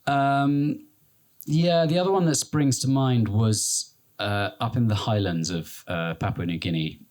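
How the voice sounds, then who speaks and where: A man's voice: medium pitch, measured pace, a little mellow. A man from Britain, an explorer and guest on a live interview, telling a long travel story in a rambling way and acting out the voices of the people he quotes.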